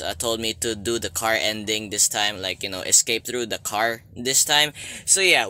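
A man's voice: medium pitch, smooth. A young man doing let's play commentary, joking and talking to the game character as he plays. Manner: jokey, excitable, talks to the game character. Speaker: gaming YouTuber.

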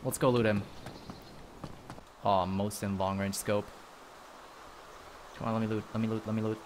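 A man streaming a game live, commenting excitedly, swearing often and talking to his chat. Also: on the low side, normal speed, background noise. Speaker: livestreamer.

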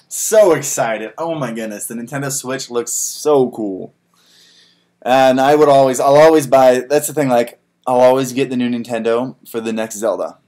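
A man's voice: medium pitch, a little mellow. A young man co-hosting a casual livestream Q&A, playful and jokey, reading out viewer questions. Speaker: livestream co-host.

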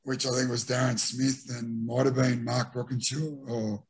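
Aussie bloke, middle aged, husky voice, tells footy yarns and acts out what mates said. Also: male voice, medium pitch, normal speed. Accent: Australian. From Australia. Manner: animated anecdotes with re-enacted quotes. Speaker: former rugby league player, guest. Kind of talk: casual storytelling interview.

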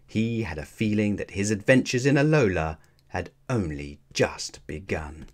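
Low-voiced man reading a children's book. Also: expressive, measured pace. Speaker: storybook reader. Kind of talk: children's book read-aloud narration.

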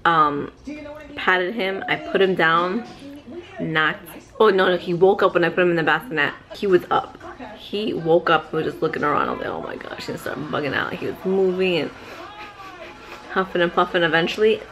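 A woman's voice: lowish voice, normal speed. Chatty woman vlogging at home. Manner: lively, chatty storytelling with sound effects. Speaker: vlogger and mother. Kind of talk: casual vlog storytelling.

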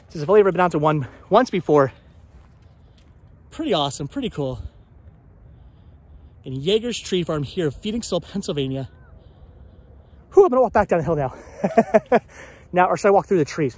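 A man's voice: fairly high pitch, expressive, a little fast, long pauses, slightly rough, dry recording. Chatty man vlogging outdoors. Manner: chatty, rambling, talks to viewers. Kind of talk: casual walking vlog. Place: outdoors on a hilly tree farm.

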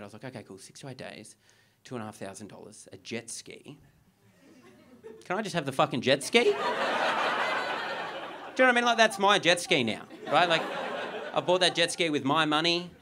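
A young Australian man doing a stand-up comedy set in a theatre, telling stories with swearing and acted-out dialogue. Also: medium pitch. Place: theatre comedy club on stage. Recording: live stage recording with audience noise.

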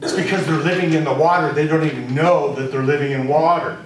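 A man giving a spiritual teaching to a small group, speaking deliberately and repeating key phrases for emphasis. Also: a little high, fairly even intonation. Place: room with a live audience. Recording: very echoey room, distant mic, faint noise.

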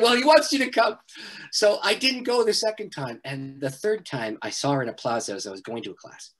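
A middle-aged man, a pastor, telling a personal story in an interview, animated and often laughing. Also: mid-range voice, brisk, husky. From Canada.

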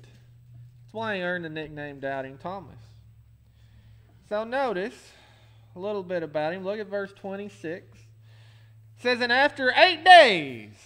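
A pastor preaching a folksy sermon that swells into emphatic calls. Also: male voice, high-pitched, a bit bright.

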